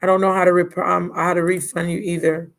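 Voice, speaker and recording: A woman's voice: fairly low pitch, flat delivery, brisk, creaky, rough recording. Drained, blunt woman reading tarot live. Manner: casual and blunt, calls listeners baby and my love. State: drained and yawning. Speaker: tarot reader.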